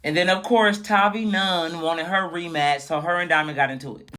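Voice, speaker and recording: A young man with a high-pitched voice recaps a reality show in casual, sassy commentary. His delivery is animated and mocking as he talks straight to his viewers. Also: moderate pace.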